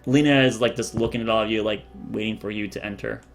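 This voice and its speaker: A man's voice: on the low side, fairly even intonation, fast, faint music behind. A man narrating a tabletop game as dungeon master, casual and rambling, with many fillers.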